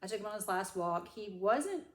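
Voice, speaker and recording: A woman's voice: medium pitch, expressive, normal speed, reverberant. A woman, crying as she gives a rambling personal update to her viewers. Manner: rambling, self-correcting, Southern "y'all". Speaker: vlogger. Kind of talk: tearful personal update to camera.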